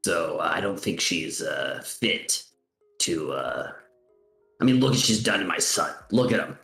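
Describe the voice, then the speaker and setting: A man's voice: deep voice, sing-song, measured pace, a bit bright, faint music behind, full character voice. A man voicing a blustering, divorced cyborg father in improvised comedy, blunt and sarcastic. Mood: grumbling. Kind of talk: improvised comedy role-play. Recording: roomy echo.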